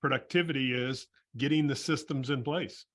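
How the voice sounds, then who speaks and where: A man's voice: mid-range voice, fairly even intonation, normal speed, a bit bright. A man hosting a business podcast, reflecting on and summarizing his guest's points. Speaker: podcast host. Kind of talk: casual interview.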